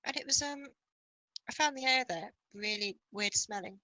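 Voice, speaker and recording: Young man, from England, high-pitched voice, bright tone, chatty, dry recording. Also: normal speed, no room sound. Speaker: podcast guest. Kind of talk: casual chat.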